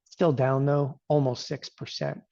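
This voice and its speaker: A man's voice: medium pitch, level tone, measured pace, warm tone, no echo, muffled recording. A middle-aged man giving casual live market commentary as a strategist, chatty and peppering his talk with "okay?".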